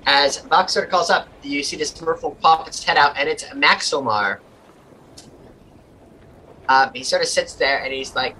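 Male game master, casual narrator, bright voice with light hiss. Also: a little high, measured pace, pauses often, low-quality recording. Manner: casual, loose narration with "sort of, like" fillers.

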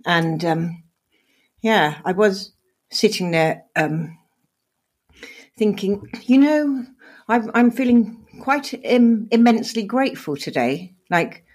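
Speaking slowly in a mid-range voice, a middle-aged podcast co-host chats candidly over a video call. Her delivery is lively and heartfelt, punctuated by frequent laughter.

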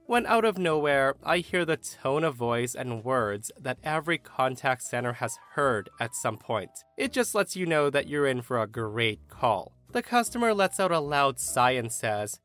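A man's voice: mid-range voice, big pitch swings, normal speed, hardly any pauses, a bit bright, faint music behind. A man hosting a podcast, narrating online stories with wry, chatty asides to his listeners. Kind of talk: storytelling narration.

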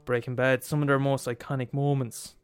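Male podcast host, mid-pitched, sweary comic rant with faint guitar music underneath. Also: flat delivery, fairly quick, clean tone. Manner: profane, emphatic, laughs at his own points. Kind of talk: comedic rant.

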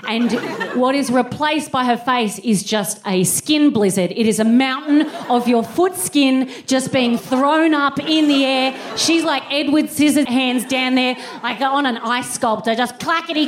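A woman's voice: sits high, a little slow, hardly any pauses. Woman in her thirties doing stand-up. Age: 30s. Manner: comic storytelling with bursts of scat singing. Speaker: comedian. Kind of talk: live stand-up routine.

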